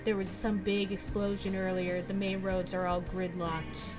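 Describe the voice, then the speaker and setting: A woman's voice: mid-range voice, level tone, unhurried, lightly acted. A woman voicing a courteous male taxi driver in a formal, butler-like manner, with music behind her. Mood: polite.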